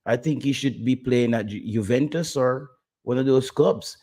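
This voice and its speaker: A man talks football in a loose, animated way, often stumbling over the start of a sentence before he gets going. His voice sits in an ordinary middle pitch. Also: moderate pace. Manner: animated, repeats words when starting. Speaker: podcast co-host. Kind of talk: casual football chat.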